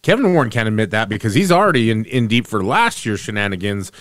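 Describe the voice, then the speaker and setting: A man co-hosting a sports podcast over a remote setup, talking casually in a joking, facetious, animated way. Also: lowish voice, quick pace, no echo. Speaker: podcast co-host. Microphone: remote call setup.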